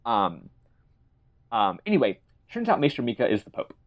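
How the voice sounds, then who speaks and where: A man's voice: medium pitch, huge pitch swings, normal speed. A man casually recapping a video game as a podcast co-host, rambling and joking.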